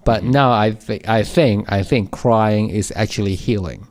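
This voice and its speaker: A man co-hosting a casual podcast, speaking thoughtfully in halting phrases with repeated words. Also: fairly low pitch. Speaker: podcast co-host.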